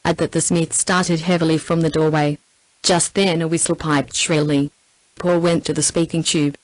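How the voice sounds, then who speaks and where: Low-voiced Australian synthetic woman narrator. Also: normal speed, dry recording, rough recording. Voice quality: even synthetic text-to-speech delivery. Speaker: audiobook narrator. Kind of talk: scripted narration.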